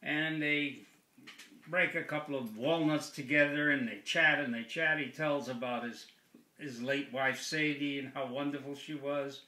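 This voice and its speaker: A man telling a long joke in a relaxed, unhurried storytelling manner. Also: medium pitch. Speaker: joke teller. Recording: echoey room.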